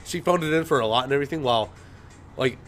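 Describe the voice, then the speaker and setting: A young male podcast host chatting casually, rambling through a story with a steady stream of "and everything". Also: medium pitch, fast talker. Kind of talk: casual chat.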